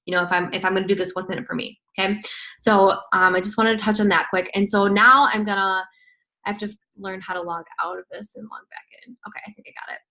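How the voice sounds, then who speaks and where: A woman's voice: medium pitch, fairly even intonation, fast, sharp tone, rough recording. A woman coaching others on sales follow-up in a casual screen-share training, bubbly and gushing as she acts out chats with clients.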